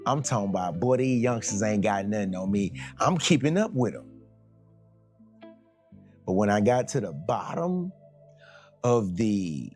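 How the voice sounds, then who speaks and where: A man's voice: on the low side, very animated, measured pace, pauses often, darkish tone, faint music behind. A man preaching in a conversational, colloquial way, telling dramatic stories and acting out every scene. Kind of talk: sermon storytelling.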